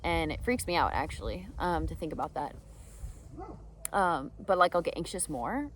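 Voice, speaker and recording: Young woman, lower voice, casual and filler-heavy, speaking about her own experience to advise others. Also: animated, moderate pace, a little hiss or hum. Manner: rambling, full of "um" and "like" fillers. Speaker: speaker training others to help students. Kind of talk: candid personal story with advice.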